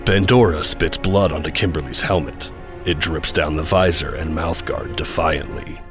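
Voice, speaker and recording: A man narrating an audio drama in a measured, descriptive way. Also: rumbling low, steady tone, music in the background. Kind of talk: scripted narration.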